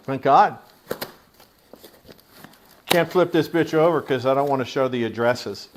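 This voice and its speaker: A man's voice: mid-range voice, brisk, noisy background. Loose, profane man unboxing on camera. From Pennsylvania. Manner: loose and profane, rambling asides; scolds his pet mid-talk. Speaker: tattoo channel host. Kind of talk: casual unboxing vlog.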